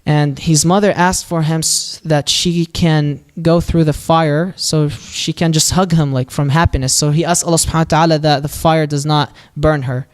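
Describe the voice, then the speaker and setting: A man telling a prophet's story at a mosque in a lively, casual way, acting out the quoted lines and using Arabic phrases. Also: fairly high pitch, moderate pace, hardly any pauses, smooth. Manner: casual, with fillers and restarts. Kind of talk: religious storytelling talk.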